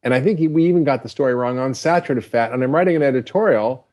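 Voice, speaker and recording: A man's voice: mid-range voice, quick pace, a little mellow. A man who is a physician, a guest on a podcast, earnestly explaining science and telling anecdotes. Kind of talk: casual interview chat.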